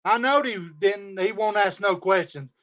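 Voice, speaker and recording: A man's voice: sits high, normal speed, fairly bright tone, muffled recording. A man on a livestream, ranting in a heated, profane way and repeating his insults. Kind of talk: angry livestream rant. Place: home studio.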